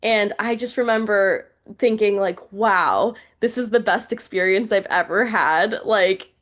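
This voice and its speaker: A woman's voice: mid-range voice, unhurried, a bit bright. A young woman journalist talking in a casual, heartfelt podcast chat, full of "like" fillers. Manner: chatty, heartfelt, many fillers like "like". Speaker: journalist and news reporter guest.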